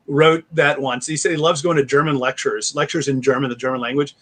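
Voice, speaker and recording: A man in his forties, a guest author telling rambling stories in a casual interview and slipping into animated impressions. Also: mid-range voice, fairly quick. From United States.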